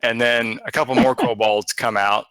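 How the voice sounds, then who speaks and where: A man narrating a tabletop game as game master, with a bright, forceful voice and a loose, rambling delivery full of fillers. The sound is dry and close to the mic. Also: mid-range voice, normal speed, clean tone, dry recording.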